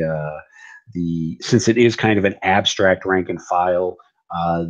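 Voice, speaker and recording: Man, very low voice, live wargame stream host, rambling with fillers, dull lo-fi audio. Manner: rambling, stop-start with many fillers and restarts. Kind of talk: casual live-stream game commentary.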